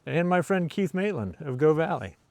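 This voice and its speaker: A man co-hosting a podcast outdoors in the cold, talking in a reflective, halting way. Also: a little high, sing-song, a little mellow, no echo. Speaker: podcast co-host. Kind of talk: casual outdoor chat. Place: outdoors on a city street in winter.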